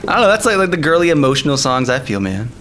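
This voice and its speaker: A man's voice: on the high side, sing-song, rapid-fire, a bit bright, slight background noise. A man streaming live and chatting casually, laughing often and calling people man and dude. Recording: faint music behind.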